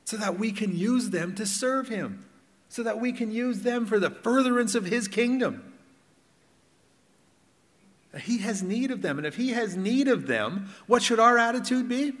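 A middle-aged man preaching a sermon in a conversational way, asking the congregation questions and swinging between loud and hushed. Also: very high voice, animated, a little slow, long reverb tail. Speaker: pastor. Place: church hall.

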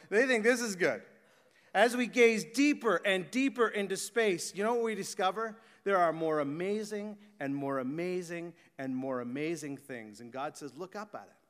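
A man preaching a sermon, moving from excited, animated talk to hushed, slow reverent passages. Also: high voice. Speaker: pastor. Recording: echoey hall reverb.

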